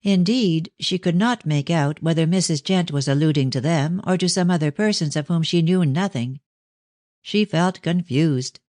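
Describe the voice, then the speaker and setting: Low-voiced woman reading a mystery. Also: normal speed, darkish tone, dry recording. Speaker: audiobook narrator. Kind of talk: scripted narration of a classic mystery novel.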